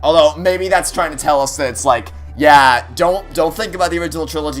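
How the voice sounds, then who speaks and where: A man commentating a let's play, frantic and incredulous, stammering and cursing in loud outbursts. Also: fairly high pitch, a little fast, few pauses. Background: game music.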